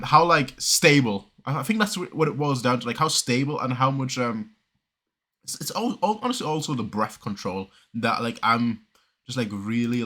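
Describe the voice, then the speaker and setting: A man from southern Germany giving casual reaction commentary, talking fast and rambling with many restarts and pauses. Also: mid-range voice, bright, forceful tone. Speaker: reaction video creator.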